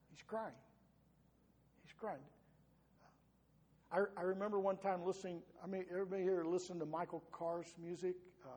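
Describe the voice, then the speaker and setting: A man's voice: fairly high pitch, a little mellow, husky, long reverb tail. A man preaching a sermon as pastor, earnest, often repeating words as he builds a point.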